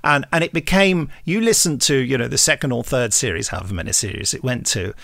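A man's voice: medium pitch, expressive, quick pace, creaky, a bit bright, dry recording, studio quality. A man with an English accent, a podcast guest chatting casually and animatedly, full of restarts and asides.

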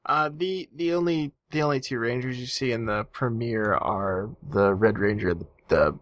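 A man's voice: medium pitch, moderate pace, dry recording, studio quality. A man co-hosting a podcast in casual chat, sarcastic and profane. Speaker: podcast co-host.

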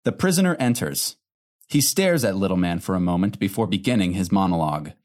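A man slowly reading stage directions as a narrator. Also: deep voice, lively intonation, a little mellow. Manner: slow, deliberate reading. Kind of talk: scripted narration.

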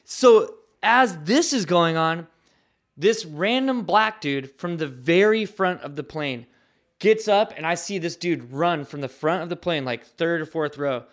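Man with a higher voice telling a story. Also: measured pace. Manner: profane, filler-heavy, animated retelling. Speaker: guest, professional skateboarder. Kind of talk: casual storytelling.

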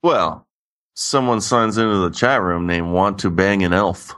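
Brief: male co-host, notably low voice, casual, meandering, stop-start talk. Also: fairly bright tone, slight background noise. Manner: rambling, halting sentences. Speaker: podcast co-host. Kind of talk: casual chat.

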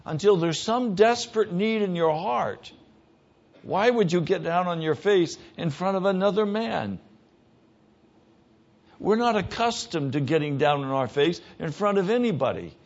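Male pastor, sermon delivery, emphatic, hushed to loud; muffled low-fidelity recording. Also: lively intonation, unhurried.

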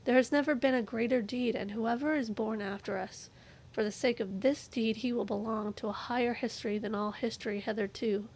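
A woman's voice: on the high side, steady tone, brisk, a little mellow. A woman voicing a frantic male madman who cries out rising rhetorical questions in anguish, as part of a read-aloud passage.

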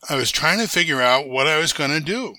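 An older man being interviewed tells a long personal story in an extremely bright, sharp-edged, fairly high voice, speaking a little fast. He's animated and lively, restarting and correcting his sentences often and slipping into the voices of the people he quotes. The recording is dry and close, with no room sound or echo.

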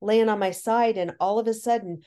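A woman guest on a podcast, telling a long personal story in animated, excited bursts with many restarts. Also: medium pitch, fairly quick. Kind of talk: casual storytelling.

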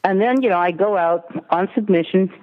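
A woman's voice: medium pitch, brisk. A woman, a literary agent, talking through her work in a chatty interview, full of "you know" and "I mean". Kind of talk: casual interview talk. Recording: tinny phone line with long reverb.

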